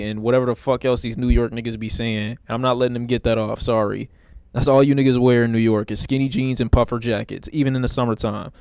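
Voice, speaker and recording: A man's voice: mid-range voice, darkish tone, no echo. A male streamer talks at his desk mic with a blunt, profane, rambling edge, roasting whatever is on screen. His voice sits in a middle register, and the sound is dry and close, with no room around it. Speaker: streamer reacting to videos. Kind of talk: casual stream commentary.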